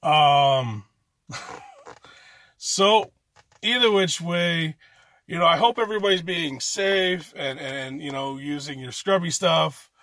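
Canadian guy doing amateur standup, highish voice, swears a ton, rambles and restarts, dry sound. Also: slow pace, long pauses, a bit bright, dry recording. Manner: profane, rambling rant with frequent restarts. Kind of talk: stand-up comedy set.

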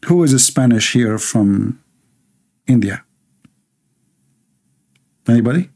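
Gravelly, mocking livestream host. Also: male voice, medium pitch, expressive, slow pace, dark tone. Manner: mocking, laughing, reads comments aloud. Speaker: livestream host reading comments. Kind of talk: sarcastic livestream commentary.

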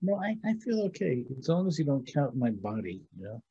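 Soft-spoken husky man playing therapist. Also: mid-range voice, sing-song, highs cut off. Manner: gentle, halting, earnest. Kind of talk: improvised comedy therapy session.

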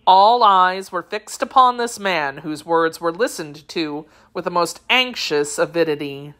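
A woman reading a classic novel aloud as an audiobook narrator. Her voice sits a little low but carries a bright, sharp tone, and she tells the story in a measured, dramatic way. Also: expressive.

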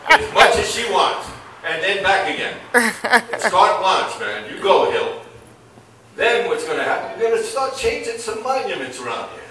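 A man doing a loud, swaggering impression of a male president at an open mic. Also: high-pitched, lively intonation, moderate pace, noisy background. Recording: echoey club, far from mic, crowd.

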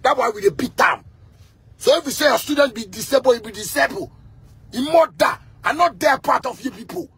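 A man with a Ghanaian accent delivering a heated rant, repeating himself and bursting into shouts. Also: extremely high pitch, expressive, quick pace. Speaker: musician.

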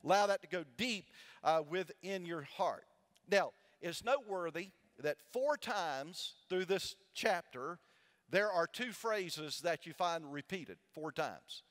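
A male pastor with a high voice delivers a sermon in a big church sanctuary, his words ringing out with a long hall reverb. He preaches in call-and-response fashion, pausing on questions for the congregation to answer. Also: expressive, fairly bright tone. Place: large church sanctuary with balcony.

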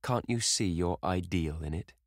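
Man reads a despairing young man, low bitter delivery, very deep. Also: normal speed, dry recording, clean studio sound, close to an everyday voice.

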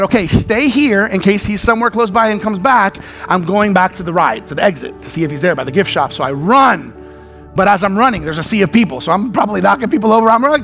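With faint music behind him, a high-pitched, fast-talking preacher brings a story to life in his sermon, acting out the dialogue and the panicked yelling.

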